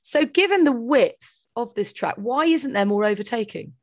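A woman's voice: on the high side, moderate pace, no echo. Chatty woman podcast co-host. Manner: lively, chatty storyteller. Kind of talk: casual chat.

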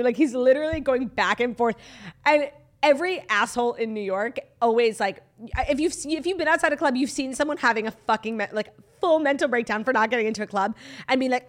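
A woman's voice: fairly high pitch, quick pace. A young woman co-hosting a casual chat podcast, telling stories animatedly and acting out quotes with laughter. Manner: animated storytelling, acts out quotes loudly, laughs often. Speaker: podcast co-host.

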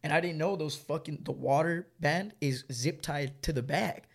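A man's voice: fairly high pitch, normal speed, creaky. A young man, telling a long story in slangy, rambling casual chat and laughing often. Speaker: storyteller guest.

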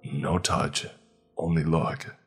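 A man's voice: extremely low pitch, flat delivery, slow pace, fairly bright tone, breathy edge, faint music behind, heavily acted. A man voicing a stern, worried bunker guide who speaks clipped, broken English. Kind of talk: horror story narration.

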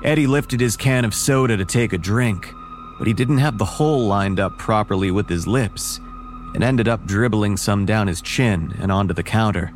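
A man narrating a first-person horror story in a measured, wary tone. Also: on the low side, soft background music.

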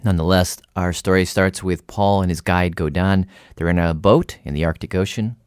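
A man's voice: low voice, steady tone, normal speed, a little mellow, clear, resonant tone, no room sound, studio quality. A man hosting a radio show, narrating and questioning in a curious, conversational way. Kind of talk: public radio storytelling.

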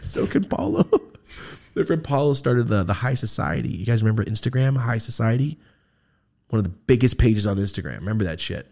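A man's voice: medium pitch, lively intonation, a little fast, gravelly, darkish tone. A man hosting a podcast, telling funny stories about his friends in a casual, profane way and laughing often. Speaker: podcast host. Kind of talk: casual comedic storytelling.

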